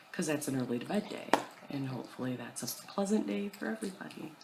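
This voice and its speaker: Chatty woman with a low, gravelly voice. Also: slight background noise, poor audio. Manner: chatty and self-deprecating, with many fillers. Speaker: cross-stitch vlogger. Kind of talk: casual chat to camera. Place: at home.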